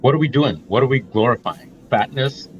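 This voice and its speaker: A man's voice: mid-range voice, expressive, a little fast, muffled recording, a little hiss or hum. A middle-aged man co-hosting a reaction talk, emphatic and blunt, laying out his points one by one. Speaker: co-host. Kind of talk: opinionated reaction commentary.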